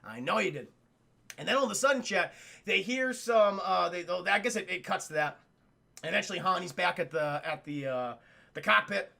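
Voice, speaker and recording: A young man streaming, retelling a movie to his chat in a rambling, profane, animated way. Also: sits high, brisk, vocal fry.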